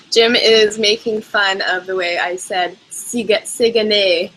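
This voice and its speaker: A bubbly woman chatting live with her viewers about travel. Her voice is bright and forward, and she laughs often between her easy, casual answers. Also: medium pitch, slow pace, poor audio. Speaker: travel vlogger host. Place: lives in Canada.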